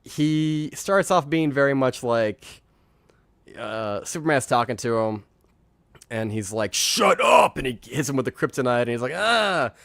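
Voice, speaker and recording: Male host, casual live movie chat, mid pitch, rambling, profane, dry close sound. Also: measured pace, smooth, no echo. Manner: rambling, profane, acts out lines from scenes. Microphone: remote streaming mic.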